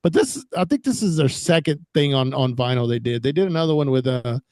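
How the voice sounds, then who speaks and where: A man from Texas, a guest on a video call, telling stories in a profane, animated way. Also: medium pitch, brisk, no echo. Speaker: guest, former record label owner. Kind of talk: casual chat on a video call.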